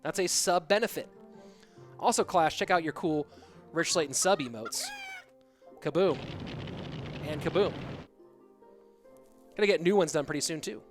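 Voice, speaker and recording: A man with a high-pitched voice calls a game tournament live on stream, chatting with his viewers between plays. Music runs clearly underneath him the whole time. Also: normal speed, long pauses. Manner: chatty, talks straight to his chat.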